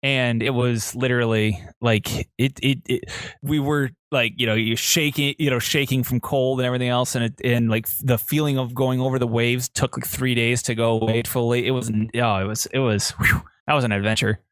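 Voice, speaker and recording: Man, podcast co-host, rambling storyteller, many fillers and restarts, mid pitch, dry close sound. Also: steady tone, brisk, fairly bright tone, clean tone, no room sound. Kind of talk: casual chat, storytelling.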